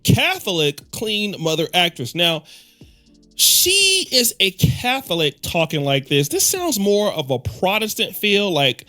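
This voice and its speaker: A man hosting a pop culture commentary, telling the story with wry, lively asides. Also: high voice, a little slow, faint music behind. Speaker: commentary host.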